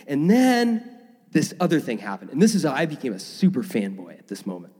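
Energetic male pastor in a reverberant hall. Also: on the high side, brisk, husky. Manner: energetic, enthusiastic with filler words. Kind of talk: sermon. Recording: long reverb of a large room.

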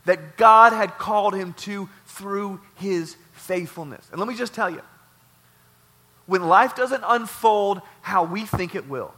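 Man, pastor, sermon, high voice, repeats phrases, swings loud to soft. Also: a little slow. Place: warehouse church.

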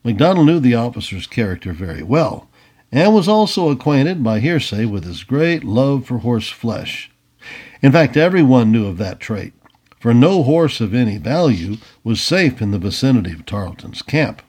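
A man reads an old-fashioned story aloud, his husky voice full of lively ups and downs. He tells it plainly, now and then dropping in a casual aside. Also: medium pitch, normal speed.

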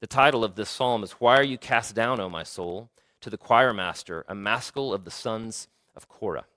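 A man's voice: lowish voice, normal speed, sharp tone, no room sound. A man giving a sermon as pastor, talking casually and reading scripture aloud with emphasis.

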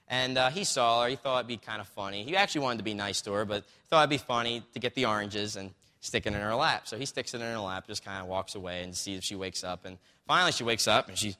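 A man's voice: on the low side, quick pace, few pauses, pushed and bright. A man preaching a sermon in a loose, conversational way, telling stories and tossing in "right?" asides. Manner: conversational, storytelling with acted quotes, frequent "right?" asides. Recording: long hall reverb.

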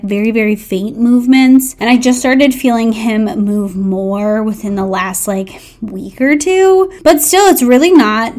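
A woman's voice: fairly high pitch, a little mellow. Chatty, slightly breathless woman podcaster. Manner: chatty and upbeat, with small laughs and restarts. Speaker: podcast host, dietitian. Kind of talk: casual podcast monologue.

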